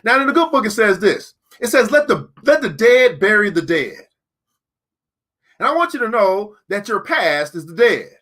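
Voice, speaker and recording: Motivational teacher, male; high, bright voice; emphatic preacher-style delivery with slow repeated lines. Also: very animated. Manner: addresses listeners directly as beautiful people. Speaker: teacher and book club host.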